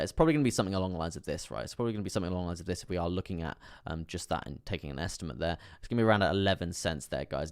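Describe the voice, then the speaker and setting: A man's voice: low voice, clear, resonant tone, no echo, clean studio sound. A man hosting a live stream, casually talking through charts, repeating himself and reassuring his viewers. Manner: repetitive, reassuring, chatting with viewers. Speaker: crypto live stream host.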